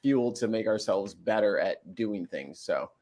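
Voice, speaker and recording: A man joining a casual video chat as co-host, animated and joking, swearing casually. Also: on the low side, a little slow.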